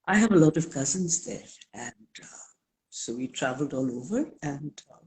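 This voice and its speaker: An older woman speaking as a guest in a live interview, slow and emphatic, leaning on key words. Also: sits low, expressive, darkish tone.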